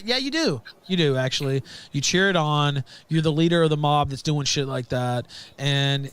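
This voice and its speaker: Smooth-voiced man, blunt and heated. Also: a little high, animated, brisk, fairly bright tone. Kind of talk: casual conversation.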